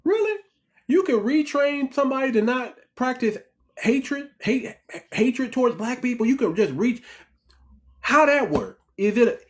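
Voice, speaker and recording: A channel host in a heated commentary monologue, repeating points and firing off rhetorical questions at the audience, whom the host keeps calling family. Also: medium pitch. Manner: rhetorical questions, emphatic restarts.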